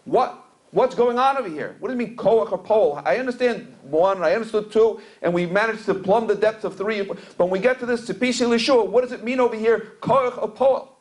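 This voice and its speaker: A man's voice: high-pitched, brisk, darkish tone. A middle-aged man, a rabbi, giving a storytelling Torah lecture and mixing Hebrew and Yiddish terms into English. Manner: storytelling, repeats words while searching for a phrase. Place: community center event hall.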